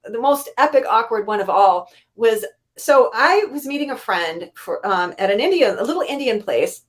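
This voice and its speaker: A woman telling a story in a casual interview, animated and often laughing as she acts out her own reactions. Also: on the high side, normal speed. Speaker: guest author. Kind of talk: casual interview chat, anecdote.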